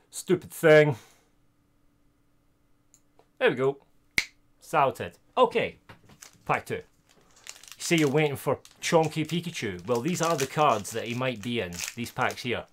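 Opening trading card packs on a live stream, this mid-range-voiced Scotsman keeps up easygoing chat with his audience. Good pulls set him off, and he turns loud and excited.

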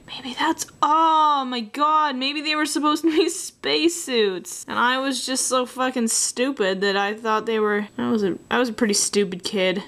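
A woman's voice: mid-range voice, fairly bright tone. A young Canadian woman with a Canadian accent talks her way through a drawing tutorial. She is dry and self-mocking, and she often trails off into muttered asides while she works. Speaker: artist drawing tutorial host. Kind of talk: casual drawing commentary.

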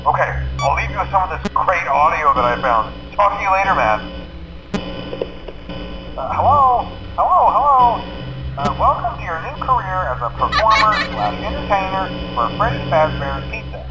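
Stammering night manager on tape, fairly high voice, music underneath. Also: male voice, expressive, normal speed, rough recording. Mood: instructive. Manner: rambling, stammering, casual. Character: chatty male night-shift manager on recorded calls. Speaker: game character leaving phone messages. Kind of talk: recorded game voice lines.

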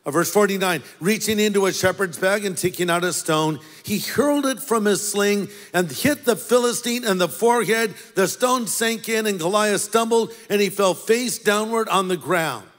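A man's voice: high voice, normal speed, few pauses, fairly bright tone, soft background music. A man preaching a sermon as pastor, telling a story with playful asides to the congregation. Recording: long hall reverb.

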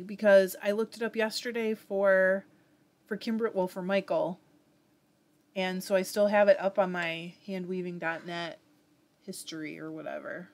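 A woman with a Southern US accent hosting a live fiber arts stream, chatting casually and reading viewer comments aloud with frequent laughs. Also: medium pitch.

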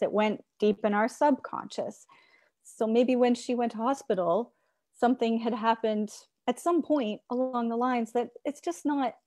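Woman guest, kinda high voice, calm and thoughtful. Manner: calm, reflective, supportive. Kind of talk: conversational interview.

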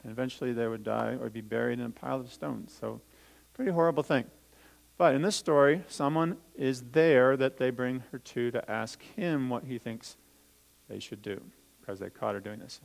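A man with a gravelly voice pitched in the middle range leads a children's talk in a church. He reads a scripture passage aloud and stops to explain hard words simply for the kids. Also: fairly even intonation, moderate pace, low-quality recording. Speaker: pastor. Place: church sanctuary.

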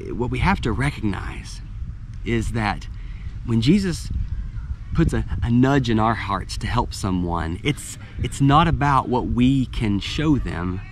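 A man's voice: mid-range voice, a little hiss or hum. Conversational male pastor preaching. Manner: conversational, with frequent restarts and light laughs. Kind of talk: sermon.

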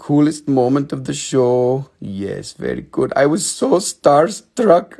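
A man's voice: medium pitch, big pitch swings, slow pace, creaky, hardly any pauses, dark tone, husky. A young man hosts a live mineral sales show, joking, teasing and swearing casually while slipping into silly put-on voices. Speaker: host selling minerals on a live stream.

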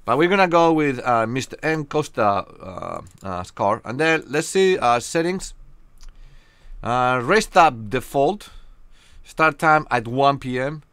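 A young man from Spain with a Spanish accent, chatting casually and joking with viewers during a live game stream, often pausing on fillers. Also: medium pitch, animated, fairly bright tone, clear, resonant tone, dry recording.

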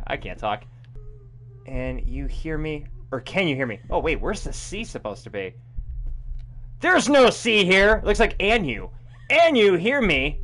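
Young male streamer, horror commentary, high lively voice, easily spooked, swears, laughs nervously. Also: measured pace, long pauses. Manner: jumpy, frequent yelps and nervous laughs, swears a lot. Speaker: game streamer. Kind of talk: live horror game commentary.

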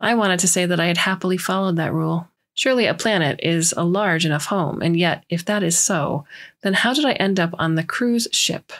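A woman reading a science fiction story aloud in measured, scripted narration. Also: lowish voice. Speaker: story reader.

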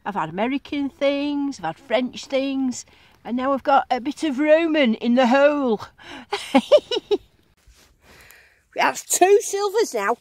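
A woman vlogging outdoors in a field, giving bubbly, excited running commentary as she digs and talking to her finds. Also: sits high, slow, long pauses, dry recording. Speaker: metal detecting vlogger.

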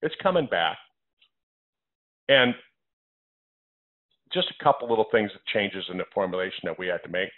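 A man hosting a health call as the doctor, lecturing in a forceful way, repeating his phrases and running through a numbered list. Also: lowish voice, very animated, moderate pace, pauses often. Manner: emphatic, repeats phrases, lists numbered points. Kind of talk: health talk on a conference call. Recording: phone-line audio.

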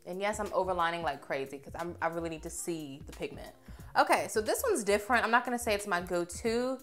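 A young woman reviewing makeup on camera in a chatty, expressive way, gushing over what she tries. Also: on the low side, quick pace, soft background music. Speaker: beauty vlogger.

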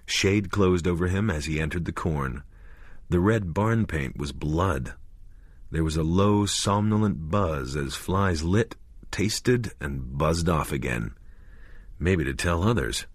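A man narrating a horror audiobook in a measured, deliberate way. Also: deep voice, expressive, slightly rough, no echo, studio quality.

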